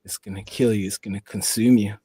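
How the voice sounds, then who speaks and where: A man's voice: fairly low pitch, steady tone, fairly quick, warm tone, husky, no room sound, poor audio. A man from the Four Corners region of the US, a podcast guest telling a long story in a rambling way and leaning on "you know". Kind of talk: casual storytelling.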